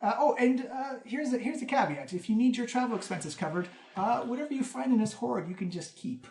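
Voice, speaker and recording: Animated male game master, roomy echo. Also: extremely high pitch, brisk, vocal fry, soft background music. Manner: animated storyteller, lively descriptions. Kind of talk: narrating a tabletop game.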